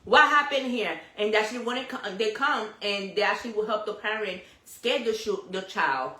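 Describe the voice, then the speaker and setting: A woman co-hosting a casual talk show, a mother who talks loudly and animatedly and drops in Spanish phrases. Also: medium pitch, moderate pace, echoey room, rough recording. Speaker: co-host. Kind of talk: casual chat.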